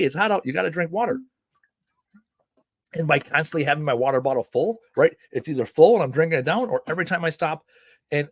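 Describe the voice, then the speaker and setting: A man's voice: fairly high pitch, no echo, studio quality. A man of forty hosting a live show, talking in a loose conversational way, full of fillers and rhetorical "right?". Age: 40s. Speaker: host. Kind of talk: casual live-show monologue.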